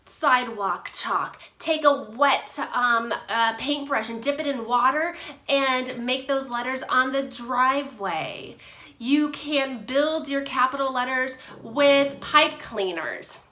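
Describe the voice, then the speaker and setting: A woman occupational therapist with a high, bright voice walks parents through a handwriting lesson at a relaxed pace. She talks straight to the viewers in an animated, playful way. The room adds an echo around her voice. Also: slow. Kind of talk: instructional video for parents. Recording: roomy echo.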